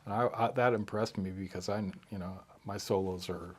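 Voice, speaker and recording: A man with a fairly low voice recalls past sessions in a relaxed, chatty interview. He rambles, restarts sentences and drifts into asides as he tells the story. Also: brisk, a little hiss or hum. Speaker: harmonica player and musician. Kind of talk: casual anecdotal interview storytelling.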